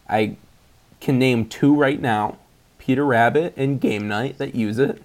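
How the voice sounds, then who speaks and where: A man's voice: mid-range voice, darkish tone. A man co-hosting a casual movie chat, sarcastic and giggly, often laughing mid-sentence. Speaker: podcast co-host reviewing movies.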